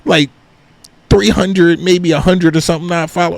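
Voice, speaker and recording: A man's voice: high voice, fairly even intonation, moderate pace, gravelly. A man from Philadelphia, a comedian guest on a podcast, chatting casually and animatedly, swearing and saying "you know what I mean" a lot. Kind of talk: casual chat.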